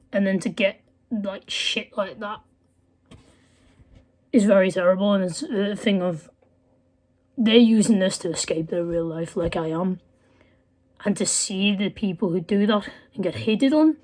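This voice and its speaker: A woman's voice: medium pitch, a little slow, pauses often, a little mellow. A woman in her late teens, ranting heatedly to camera as a vlogger, blunt and swearing often. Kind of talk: angry profane rant.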